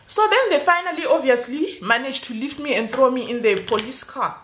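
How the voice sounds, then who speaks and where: A young adult woman telling a storytime vlog, animated and acting out the dialogue. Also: high voice, a little fast, hardly any pauses, roomy sound. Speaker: YouTuber.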